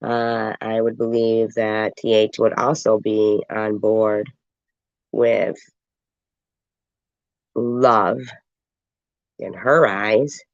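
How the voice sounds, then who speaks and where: A woman's voice: a bass voice, little pitch movement, drawn-out words, long pauses, no room sound, dull audio. A woman with a stuffy, congested voice giving sarcastic, mocking live reaction commentary. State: congested from a cold.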